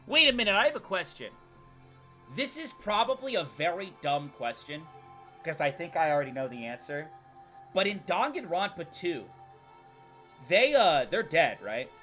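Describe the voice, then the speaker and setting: A young man streaming a game, rambling and chatting, breaking into loud excited jokes. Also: fairly high pitch, normal speed. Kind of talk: live game commentary. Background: faint game music.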